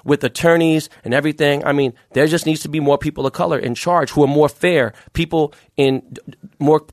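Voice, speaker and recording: A man working as a jeweler, talking as a guest in a casual interview, using rapid, profane street slang with lots of fillers. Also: a little high, fairly even intonation, no room sound, clean studio sound.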